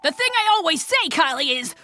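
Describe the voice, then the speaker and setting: A woman's voice: extremely high pitch, sing-song, fairly quick, bright, forceful tone, faint music behind, exaggerated voice. A woman voicing an earnest, enthusiastic female earwax doctor with a bubbly, emphatic manner.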